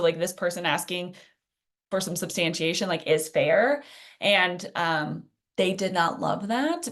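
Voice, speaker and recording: A woman's voice: mid-range voice, a bit bright. A woman presenting a live workshop in a chatty, conversational way, full of fillers and asides. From Phoenix. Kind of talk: casual teaching in a live workshop.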